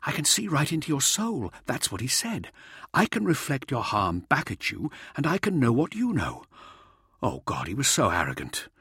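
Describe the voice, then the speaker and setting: A man's voice: medium pitch, wildly swooping pitch, normal speed, fairly bright tone, slightly rough, dry recording, studio quality, voice pushed up, full character voice. A man voicing a feverish, frightened old Uplander man who hisses and rambles in a strained, breathless voice.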